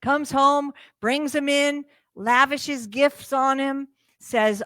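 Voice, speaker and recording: A woman minister preaching a sermon, telling a parable in a lively way and acting out its characters' lines. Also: sits high, slow pace, no room sound. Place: church sanctuary.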